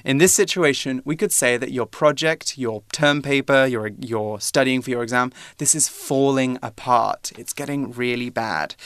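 A man explains English words on a language-learning show with patient, steady clarity. His voice is smooth and resonant, in a close, dry recording. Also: mid-range voice, dry recording. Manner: patient, clear explanations with examples. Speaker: English teacher.

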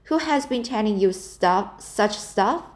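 A woman reading the part of a stern, practical older spinster in an audiobook, in a brisk, scolding manner. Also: mid-range voice, lively intonation.

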